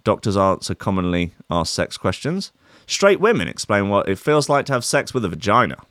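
A man's voice: on the low side, big pitch swings, a little fast, a bit bright, dry recording, studio quality. A man hosting a casual live stream, rambling and apologetic, swearing and poking fun at himself. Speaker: stream host.

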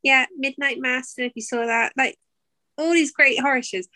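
A woman's voice: high voice, steady tone, brisk, pushed and bright. A woman co-hosting a podcast in casual chat, easygoing and trailing off as she hedges her opinions. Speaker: podcast co-host.

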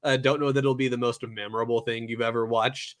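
A young man co-hosting a casual anime review podcast, relaxed and rambling with lots of fillers. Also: medium pitch, brisk.

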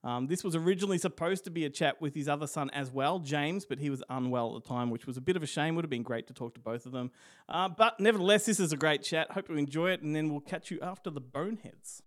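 A chatty man co-hosting a podcast in relaxed banter. His voice sits a little high, and he laughs easily. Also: fast talker. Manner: laughs often, chatty and teasing. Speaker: podcast co-host. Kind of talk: casual banter.

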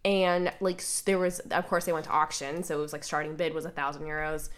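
A woman's voice: low-pitched, little pitch movement, a little fast. A woman co-hosting a casual podcast, nasal from a sinus infection, telling stories with lots of "like". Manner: chatty storytelling, lots of "like". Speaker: podcast co-host. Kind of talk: casual chat.

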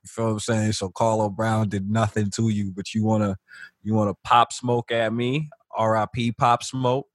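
A young man co-hosting a podcast, talking in a blunt, animated way full of street slang. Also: on the low side, moderate pace, dry recording, clean studio sound. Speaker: podcast co-host. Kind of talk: casual podcast banter.

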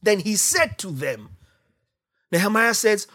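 A woman preaching a sermon, emphatic, asking the congregation questions and rising to shouts. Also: mid-range voice, very animated, normal speed.

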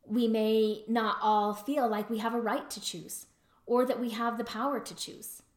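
A woman's voice: on the high side, fairly even intonation, unhurried. Chatty woman in an echoey room. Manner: conversational, many fillers, mimics her husband in quotes. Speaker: speaker on trauma and choice. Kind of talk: reflective talk with a personal story.

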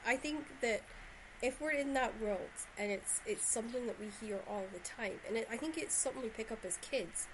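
A woman's voice: fairly high pitch, normal speed, background noise. A woman from Shetland with a Scottish accent, hosting a podcast and chatting in long rambling runs. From Shetland, Scotland. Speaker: podcast host. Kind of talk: casual conversational interview.

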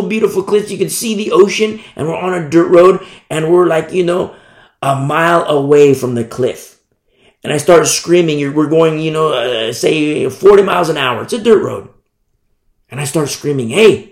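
A man preaching a sermon, telling a story with lively energy and acting out shouted warnings. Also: fairly high pitch, normal speed. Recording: echoey room.

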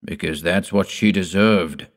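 A man playing a grim old man, hollow voice, deep and commanding, storybook reading. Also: measured pace. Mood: menacing. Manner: curt, commanding. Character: stern old man, pale and menacing.

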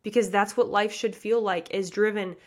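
A woman's voice: mid-range voice, fairly even intonation. Passionate thirty-something woman coach. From Midwest of the US. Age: 30s. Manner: passionate, fast, chatty with many likes and you guys. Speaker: pageant coach and podcast host. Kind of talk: motivational podcast talk.

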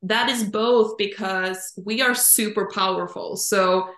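A woman guest who works as a Human Design coach explains ideas in casual, thoughtful chat, using picture-like examples and saying "kind of" and "like" often. Her medium-pitched, fairly bright voice is slow with fairly even intonation. The recording is reverberant.

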